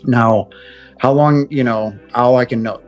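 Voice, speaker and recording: A middle-aged man earnestly telling of his near-death experience, often halting and repeating words as he goes. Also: medium pitch, lo-fi sound, faint music behind. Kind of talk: personal testimony.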